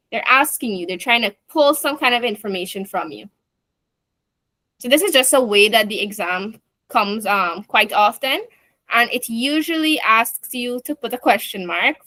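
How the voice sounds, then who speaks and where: A woman's voice: a little high, pushed and bright, dry recording. A woman teaching an online class, explaining step by step with chatty asides.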